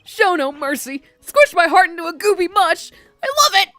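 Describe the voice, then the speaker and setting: A clingy young man, hopelessly lovesick, as a woman puts him on, pleading and gushing in a high, strained voice. The acting is broad and playful. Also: big pitch swings, fairly quick, a bit bright, no room sound, heavily acted.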